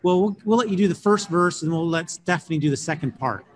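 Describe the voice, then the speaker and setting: A middle-aged man teaching a class on Greek grammar, explaining in a relaxed way with many fillers and restarts. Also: a little high, quick pace.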